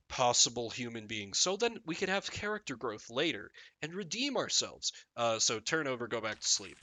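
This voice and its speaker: A man's voice: medium pitch, normal speed, few pauses, no room sound. A man streaming a text game live, reading the story aloud and joking about it. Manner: jokey, animated, reads game text and riffs on it.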